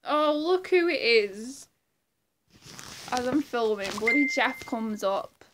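A woman's voice: a little high, expressive, takes it slowly, noisy background. A woman chatting casually in a vlog, rambling and self-deprecating, often repeating herself. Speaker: impressionist vlogger.

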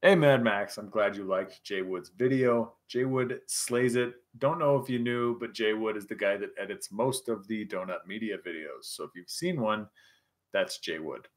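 Tipsy dude rambling on a livestream, swears a lot, tells stories. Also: male voice, on the low side, moderate pace. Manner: rambling, profane, laughing storyteller. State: tipsy from drinking scotch. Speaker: livestream host. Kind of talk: casual livestream chat.

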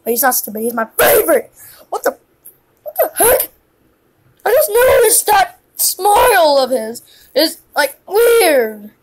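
A woman voicing a hyper, excitable young cartoon girl who squeals and gushes like an overjoyed fan. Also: extremely high pitch, unhurried, long pauses, very noisy, full character voice. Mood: gushing. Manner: squealing, shrieking, gushing fan.

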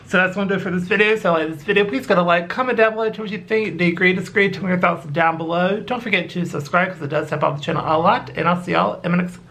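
A YouTuber casually recapping and reviewing an anime episode, halting often with fillers. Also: medium pitch, a bit bright. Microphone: battery-powered recording device.

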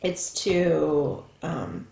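A woman's voice: low-pitched, big pitch swings, very slow, creaky, warm tone, echoey room. A woman hosting a home cooking video, chatting casually as she explains each step. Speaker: cooking channel host. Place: home kitchen.

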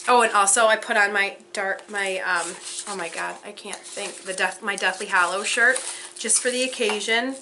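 A young woman vlogging an unboxing, gushing with breathless excitement and frequent gasps. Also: mid-range voice, normal speed, slight background noise.

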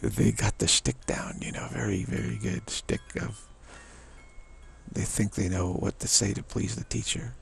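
A man's voice: on the low side, steady tone, a little slow, creaky, slightly rough. A man giving an informal spiritual talk as a teacher, rambling and full of "you know" fillers. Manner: rambling, frequent 'you know' fillers.

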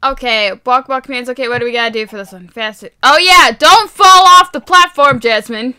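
A woman hosting a game video, giving chatty, excitable play-by-play that bursts into squeals and laughter. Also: high-pitched, moderate pace, clean tone, no echo. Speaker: gaming video host. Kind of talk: excited let's-play commentary.

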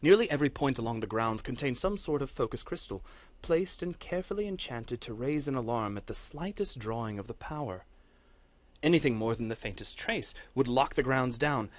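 Casting: male narrator, mid-pitched, steady dramatic fantasy storytelling. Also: dry recording. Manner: measured, dramatic storytelling delivery. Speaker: course instructor. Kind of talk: reading a fantasy story aloud.

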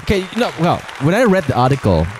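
A man's voice: on the high side, fast talker, some chatter behind, a little hiss or hum. A Malaysian man with a Malaysian English accent, co-hosting a casual podcast chat and rambling with plenty of restarts. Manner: rambling, animated, full of restarts. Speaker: podcast co-host.

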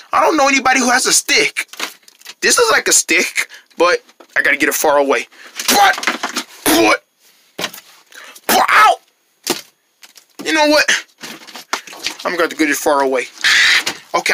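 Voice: medium pitch, wildly swooping pitch, normal speed, pauses often, bright, forceful tone, a little hiss or hum. Someone playing a grumpy, scheming cartoon rabbit. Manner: grumbling, scheming, boastful.

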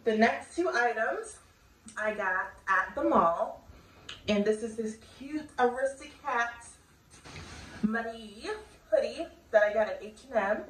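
A woman's voice: fairly high pitch, expressive, slight background noise. Chatty young woman in an echoey room. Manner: chatty, bubbly, drawn-out filler words. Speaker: fashion vlogger. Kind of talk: casual try-on haul chat. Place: home room. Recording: echoey room audio, distant mic.

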